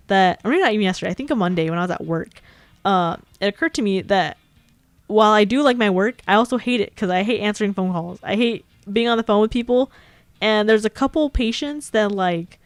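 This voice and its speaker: A woman's voice: mid-range voice, no echo. A young woman with a Californian accent, rambling and giggling through a casual stream chat.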